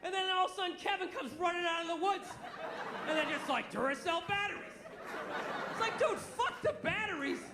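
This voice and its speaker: High-pitched ranting comedian on stage. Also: male voice, brisk, very noisy. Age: 40s. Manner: profane, ranting, incredulous. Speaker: stand-up comedian. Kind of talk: stand-up routine. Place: comedy club stage with live audience. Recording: echoey venue, loud crowd. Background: audience laughter.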